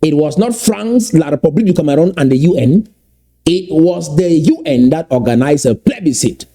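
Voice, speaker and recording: A man giving impassioned political commentary, emphatic and repeating key points slowly for weight. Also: fairly high pitch, animated, dark tone.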